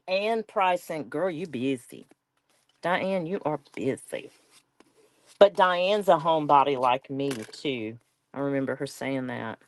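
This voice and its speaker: A woman's voice: low-pitched, no echo. A woman with a Southern US accent hosting a live crafting stream, chatting casually and folksily with viewers as she works and reads their comments.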